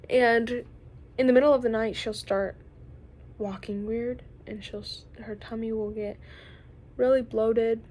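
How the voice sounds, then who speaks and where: A woman's voice: a little high, fairly even intonation, unhurried, darkish tone. A young woman vlogging a rambling, confessional monologue, often trailing off and sometimes dropping into a whisper.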